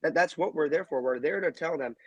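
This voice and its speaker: A man's voice: fairly high pitch, fairly quick, no room sound. A man co-hosting a podcast, making firm, emphatic points about officiating. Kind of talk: casual podcast discussion.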